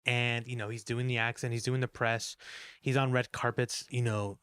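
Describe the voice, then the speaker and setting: A man's voice: medium pitch, level tone, normal speed, a bit bright, smooth, dry recording. A man co-hosting a movie podcast, chatting casually and rambling with lots of fillers and swearing. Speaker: podcast co-host reviewing films. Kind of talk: casual movie review chat.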